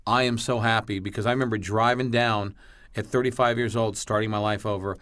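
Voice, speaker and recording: A male comedian guesting on a podcast, telling a story with blunt, animated delivery, acting out both sides of the dialogue and swearing freely. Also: lowish voice, a little fast.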